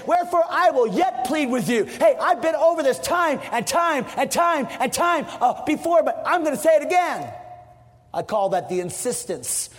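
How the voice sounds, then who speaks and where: A man preaching a fiery sermon as pastor, repeating his points, swinging from shouts down to hushed tones. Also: very high-pitched. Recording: long hall reverb.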